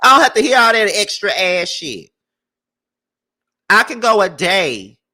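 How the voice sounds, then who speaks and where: A man's voice: high voice, very animated, measured pace, sharp tone. A man with a Mississippi Southern accent, chatting animatedly and slangily in a casual TV review vlog. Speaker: YouTube TV reviewer.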